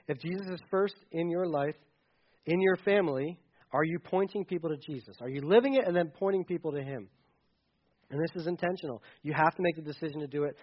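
High-voiced casual preaching man. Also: dull audio. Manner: casual, conversational preaching with asides and jokes. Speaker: pastor. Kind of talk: sermon.

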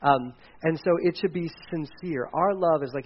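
Muffled casual pastor, forties. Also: male voice, fairly high pitch, moderate pace, hardly any pauses. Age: 40s. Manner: casual, self-deprecating, dad jokes, frequent fillers. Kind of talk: sermon.

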